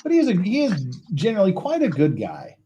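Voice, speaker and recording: A man's voice: high voice, huge pitch swings, fast, dark tone, highs cut off, slight background noise. A man hosting a casual livestream, rambling and chuckling as he builds Lego and counts pieces aloud. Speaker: stream host.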